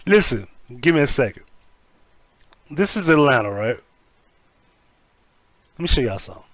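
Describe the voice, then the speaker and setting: A man's voice: mid-range voice, animated, normal speed, no room sound. A man hosting a casual live-stream commentary, talking skeptically and profanely while reacting to news and greeting chat. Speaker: commentary host.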